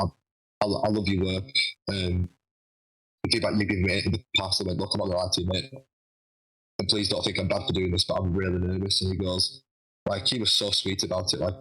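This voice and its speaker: Guy chatting away, acts out quotes, kinda low and bright. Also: slightly rough, poor audio. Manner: animated, acts out quoted dialogue. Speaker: guest wrestler. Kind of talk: casual storytelling interview.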